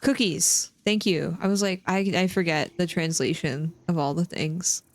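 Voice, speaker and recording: A woman's voice: on the low side, normal speed, no echo. A woman live streamer chatting casually with her viewers while she plays, rambling and often restarting her sentences. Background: faint game music.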